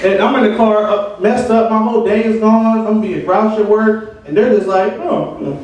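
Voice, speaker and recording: High-voiced man ranting at an open mic. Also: steady tone, moderate pace, a little mellow. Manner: rambling, ranting storytelling. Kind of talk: stand-up comedy. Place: open mic venue with audience. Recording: echoey room from far off, audience.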